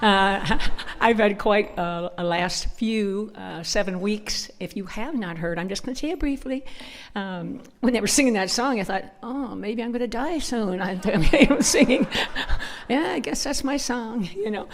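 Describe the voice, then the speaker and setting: A woman's voice: medium pitch, measured pace, slight background noise. Chatty woman with a northern US accent. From northern United States. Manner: chatty, laughs often, tells stories with quoted voices. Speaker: conference speaker. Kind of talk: personal storytelling talk.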